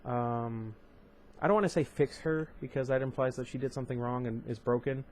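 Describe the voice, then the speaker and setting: A man's voice: medium pitch, a little fast, noisy background. Young man reading a novel aloud. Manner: casual, chatty asides with fillers and restarts. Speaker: audiobook reader and channel host. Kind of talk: amateur book reading with commentary.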